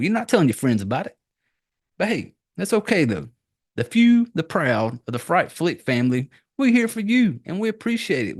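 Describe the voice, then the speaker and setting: A man hosting a podcast, talking in a crude, profane, rambling way with lots of fillers and restarts. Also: on the high side. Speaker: podcast host. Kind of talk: casual rambling podcast monologue.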